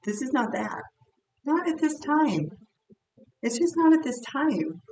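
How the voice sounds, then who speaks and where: A woman's voice: high voice, big pitch swings, slow pace, a little mellow. Blunt chatty woman reading tarot, roomy sound. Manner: blunt, chatty, repeats herself. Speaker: tarot reader. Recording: roomy echo, distant mic, faint noise.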